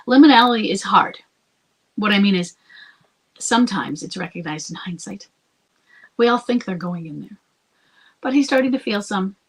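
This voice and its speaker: On her advice podcast, a woman who works as a host and coach answers a listener, thinking aloud in a conversational way and sometimes dropping to a whisper. Her voice is mid-range, and the recording quality is low.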